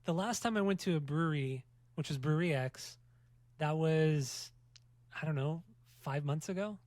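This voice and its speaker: A man hosting a casual music podcast, bantering fast and joking with profanity. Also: a little high, a little mellow, no echo. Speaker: podcast host.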